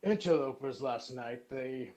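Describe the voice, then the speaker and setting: A man's voice: mid-range voice, measured pace, darkish tone, low-quality recording. A man speaking as his character in a tabletop game, casual and a bit hesitant. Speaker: player. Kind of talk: in-character tabletop role-play.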